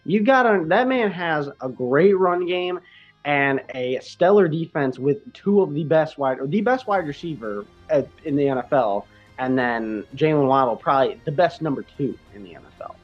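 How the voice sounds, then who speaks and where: A man's voice: fairly high pitch, animated, normal speed, soft background music. Rambling man on a lo-fi podcast mic. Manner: rambling, frequent fillers and restarts. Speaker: podcast co-host. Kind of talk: casual podcast chat.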